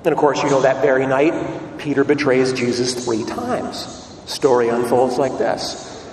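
A man's voice: medium pitch, measured pace, a little mellow, slight background noise. A man preaching a sermon, telling the story dramatically and asking rhetorical questions. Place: church. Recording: echoey hall, distant mic, faint ambience.

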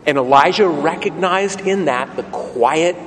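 A man preaches a sermon, telling the story vividly and posing rhetorical questions to the congregation. His voice runs on the high side, a bit bright and unhurried. Long church reverb and faint ambient noise fill the recording.

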